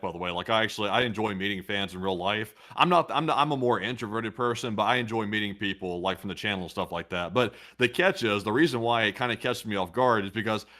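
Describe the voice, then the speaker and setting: A man's voice: lowish voice, pushed and bright. A man co-hosting a news commentary show, chatting casually and reading viewer messages, hesitant and self-correcting. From United States.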